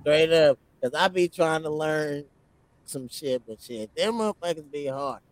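High fry-voiced guy joking around and cussing, dead dry room. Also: unhurried, no room sound. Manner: loose, profane, joking banter. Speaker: podcast co-host. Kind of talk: casual chat.

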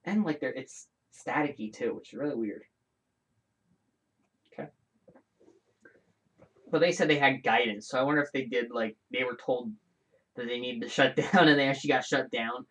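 A man hosting his own show in a casual, rambling solo chat, animated and full of restarts and side comments. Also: mid-range voice, normal speed, pauses often. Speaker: show host.

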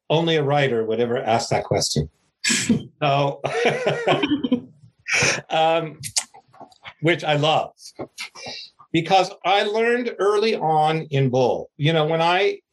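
An older man, an author, giving a slow, rambling, self-deprecating interview answer. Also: a little high, very animated.

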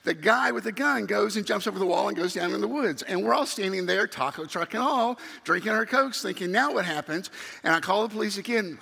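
A middle-aged man preaching with a bright, high, gravelly voice. He tells his story with animation and acts out the other people in it. His voice rings through a church hall with a long echo. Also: lively intonation, fairly quick. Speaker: youth minister. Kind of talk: sermon storytelling. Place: church sanctuary. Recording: reverberant hall.

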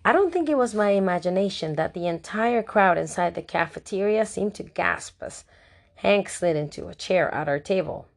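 A woman narrating an audiobook in the first person, with wry, lively storytelling. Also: mid-range voice, moderate pace.

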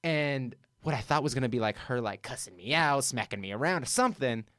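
Man in his own casual voice, earnest and thoughtful, middle pitch, dry mic. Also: expressive, a little fast, a bit bright, dry recording. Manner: earnest, reflective, many "like" fillers. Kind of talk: casual reflective chat.

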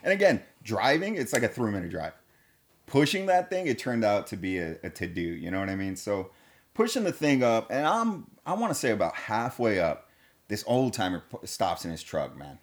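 A man with a fairly low voice tells a long story in a relaxed conversation. He is slangy and laid-back, swears constantly, and keeps calling his listeners dude and man. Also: moderate pace. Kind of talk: casual storytelling.

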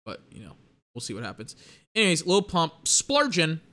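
A man's voice: fairly high pitch, huge pitch swings, moderate pace, bright, forceful tone. A young man casually reacting to rap songs, rambling and chatty, with music playing behind him. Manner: chatty, rambling, mocking impressions.

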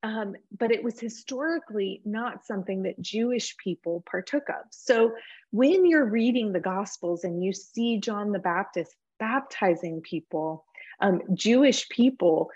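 A woman's voice: mid-range voice, a little slow, slightly rough. Woman teaching Bible study, lots of ums. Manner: relaxed, frequent filler words. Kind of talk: conversational teaching with scripture reading. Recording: dull lo-fi recording.

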